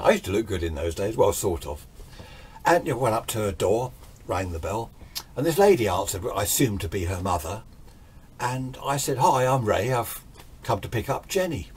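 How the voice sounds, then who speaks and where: Older male storyteller, husky and low, loose rambling delivery. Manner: rambling, chatty, self-deprecating. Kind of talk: casual spoken ghost story.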